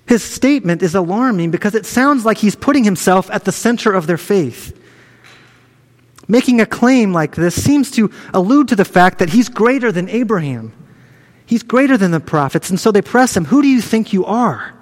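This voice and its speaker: High-voiced male preacher in a reverberant hall. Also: lively intonation, normal speed. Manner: earnest, conversational preaching with frequent restarts. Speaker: pastor. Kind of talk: sermon.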